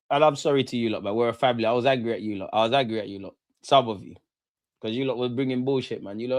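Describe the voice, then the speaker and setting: A young man hosting a football watchalong, talking in animated, slangy, ranting bursts that settle into calmer match analysis. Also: mid-range voice, fast, no room sound. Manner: animated, slangy, rants then calms. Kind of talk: casual post-match reaction.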